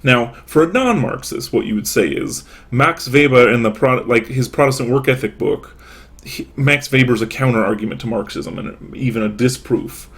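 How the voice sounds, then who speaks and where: A man's voice: mid-range voice, normal speed, fairly bright tone. A man lecturing in a casual, chatty way, asking himself rhetorical questions and answering them.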